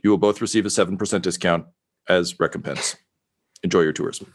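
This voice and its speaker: A man's voice: low voice, steady tone, brisk. A man voicing an agitated but sheepish male announcer who stammers through an apology.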